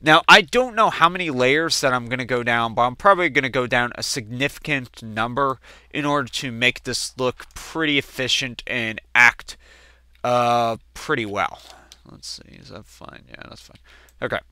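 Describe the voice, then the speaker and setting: A man of twenty doing casual let's-play gameplay commentary, chatting and telling family stories in which he acts out quoted relatives with sudden jumps in pitch. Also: normal speed, bright, forceful tone, clean tone, no echo, clean studio sound. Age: 20s.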